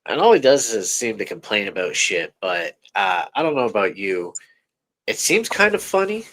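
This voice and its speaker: A man's voice: on the low side, sing-song, normal speed, fairly bright tone, poor audio. A man co-hosting a comedy podcast, making dry, sarcastic asides with casual swearing. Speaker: podcast co-host. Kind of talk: casual live podcast chat.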